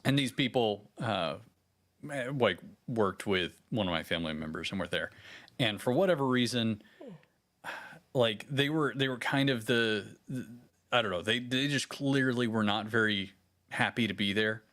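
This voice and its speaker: A man with a fairly low voice, a podcast guest chatting casually. He tells his stories in halting bursts full of restarts, with a dry, deadpan humor. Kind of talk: casual chat.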